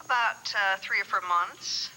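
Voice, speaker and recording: An actress in a 1980s soap opera playing a hesitant former records keeper who hedges and stalls. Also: female voice, mid-range voice, a little slow, bright, forceful tone, a little hiss or hum, low-quality recording. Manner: hesitant, hedging.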